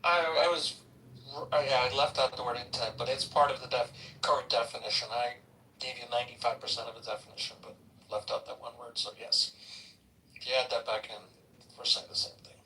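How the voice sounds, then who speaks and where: A man in a casual debate, bantering and quick to concede a point. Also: mid-range voice, steady tone, pushed and bright. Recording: distant, echoey mic with faint hiss.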